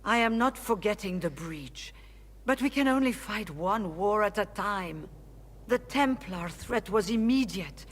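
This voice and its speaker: A woman voicing a weary, guarded mage leader in a video game, speaking in a measured, formal way. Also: medium pitch, animated. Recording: game audio with long reverb.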